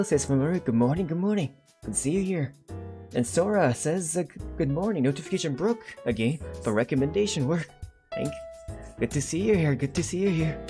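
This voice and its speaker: A man's voice: fairly high pitch, darkish tone. A young man chatting casually on a live art stream, rambling and self-deprecating and reading out viewers' chat.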